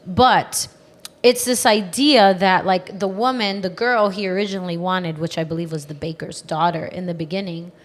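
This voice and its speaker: A woman's voice: fairly low pitch, steady tone, normal speed. A woman hosting a podcast, chatting casually and retelling book scenes with feeling. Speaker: podcast host. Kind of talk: casual chat.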